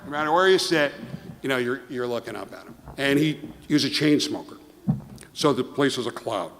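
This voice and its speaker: A man's voice: medium pitch, a little fast, slight background noise. Man telling a story in a big hall. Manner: animated storytelling, acting out quoted dialogue. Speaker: award presenter giving a toast. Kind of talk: anecdotal award speech. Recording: long hall reverb.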